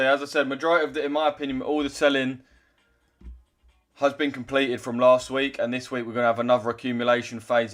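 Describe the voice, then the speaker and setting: A young man chatting casually on a trading livestream, loose and chatty, swearing now and then as he reads out chat. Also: medium pitch.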